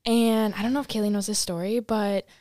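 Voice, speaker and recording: A young woman chatting as a podcast guest, telling a story with lively acted-out quotes. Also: medium pitch, brisk, no echo, clean studio sound. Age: young adult. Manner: animated storyteller, acts out quotes. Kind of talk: casual chat.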